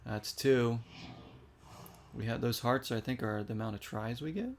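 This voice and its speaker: A man's voice: medium pitch, moderate pace, a little hiss or hum. A man giving casual, chatty commentary while playing a video game and reacting aloud to each shot. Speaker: gaming streamer.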